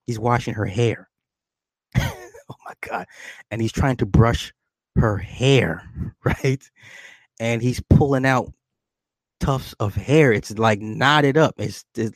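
A man's voice: mid-range voice, dry recording. A man casually retelling a movie's plot, laughing often and acting out the characters' lines. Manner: animated storytelling, laughs often, acts out characters; swears casually, addresses listener with "right?".

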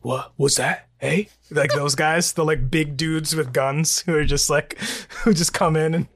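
A man's voice: fairly high pitch, steady tone, a little slow, a bit bright, dry recording, studio quality. A man from the United States co-hosting a podcast in casual chat, rambling and laughing often. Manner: rambling, restarts, laughs a lot. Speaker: podcast co-host.

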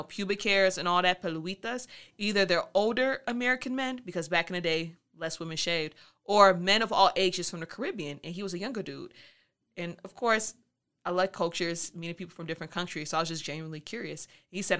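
A woman's voice: on the low side, pushed and bright, clear, resonant tone. A woman podcast host telling a candid personal story in a frank, playful, slangy way, acting out her own thoughts.

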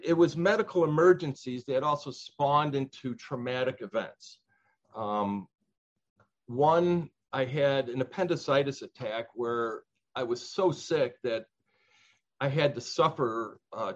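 An older man from Chicago tells his life story in an interview, earnest and reflective. He pauses and restarts often as he remembers. The recording sounds a little dull and lo-fi. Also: medium pitch.

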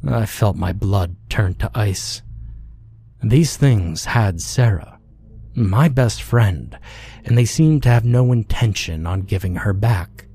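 A man narrating a scripted horror story in a measured, hushed way. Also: on the low side, husky.

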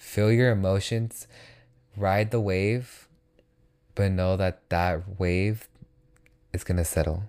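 A young man hosts his own motivational podcast, sounding earnest and reassuring in a very low, mellow, smooth voice. He speaks slowly with a level tone and long pauses, repeating phrases to comfort the listener.

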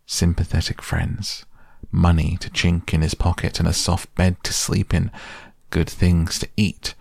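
A man reading a classic children's novel aloud softly as a bedtime audiobook, gentle and unhurried. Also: low-pitched, flat delivery, gravelly, no room sound, studio quality. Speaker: audiobook reader.

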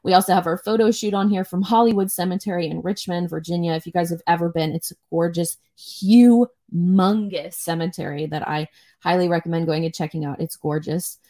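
A woman's voice: fairly low pitch, steady tone, fairly quick, mellow. A young woman co-hosting a podcast, chatting casually on a livestream in a rambling way and swearing freely. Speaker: podcast co-host.

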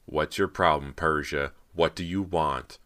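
A man voicing a quiet, concerned teenage boy in an audiobook. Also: a bass voice, fairly even intonation, unhurried, exaggerated voice.

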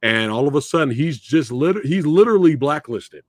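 A man hosting a casual movie discussion, retelling scenes in an animated way and acting out the characters' lines. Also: on the high side, normal speed, no room sound, clean studio sound. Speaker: podcast host.

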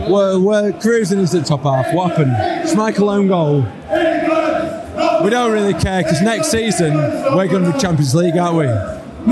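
A man's voice: high voice, very noisy. A man in the stands of an outdoor football stadium, chanting players' names and cheering as he comments on the match. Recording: loud crowd and music.

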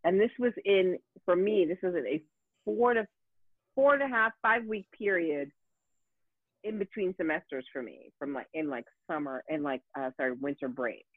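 A woman telling a story in casual talk, animated and profane, with many fillers and restarts. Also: lowish voice, moderate pace, no echo. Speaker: guest. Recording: tinny phone-like dry sound.

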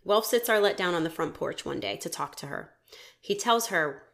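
Animated woman telling a crime story. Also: lowish voice, moderate pace, creaky. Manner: animated, laughs often, swears casually. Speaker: podcast host telling a true crime story. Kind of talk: casual storytelling chat.

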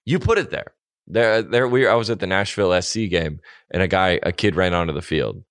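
A man's voice: deep voice, animated, brisk, dry recording, studio quality. A man co-hosting a podcast, ranting animatedly in casual chat and mocking people with put-on quotes. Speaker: podcast co-host.

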